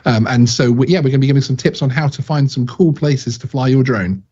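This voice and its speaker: A man's voice: medium pitch, fairly quick, warm tone, breathy edge. Man, guest, casual chat, hesitant, muffled lo-fi call audio. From United Kingdom. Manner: hesitant, many fillers. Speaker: guest drone channel host. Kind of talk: casual chat on a live stream.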